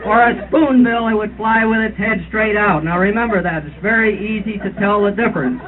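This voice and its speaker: A man's voice: sits high, fairly quick, close to an everyday voice. A man doing a comic roast impression of a fussy older birding tour leader, lecturing in a mock-authoritative way and imitating bird calls. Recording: tinny lo-fi 1970s tape with hiss.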